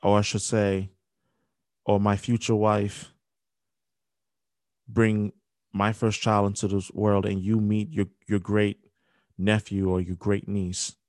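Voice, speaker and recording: A young man hosting a podcast, speaking a halting, grief-filled dedication with many restarts. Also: fairly low pitch, little pitch movement, a little mellow, no echo. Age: young adult. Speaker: podcast host. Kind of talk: emotional spoken dedication.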